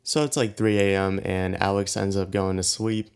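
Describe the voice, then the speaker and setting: A man's voice: deep voice, level tone, normal speed, darkish tone, clear, resonant tone. A young man telling a casual, slangy, profane story straight to his viewers. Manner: laid-back, slangy, profane. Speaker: storytime vlogger.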